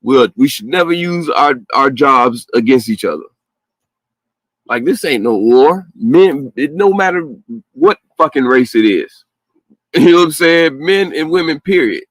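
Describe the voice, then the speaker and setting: A man's voice: mid-range voice, a little slow, dry recording. Blunt, profane man ranting. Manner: blunt, profane, animated, with laughs and mocking quotes. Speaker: podcast host. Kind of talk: casual profane rant.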